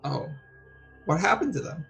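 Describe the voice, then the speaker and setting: A man playing a tabletop game, cracking dry, deadpan jokes. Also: a little high, moderate pace, gravelly, slightly rough, faint music behind. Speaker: player.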